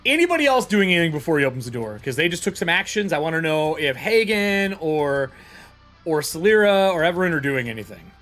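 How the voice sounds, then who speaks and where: A game master running an online tabletop game, brisk and explaining rules and rolls over a voice call. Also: mid-range voice, sing-song, a bit bright, faint music behind.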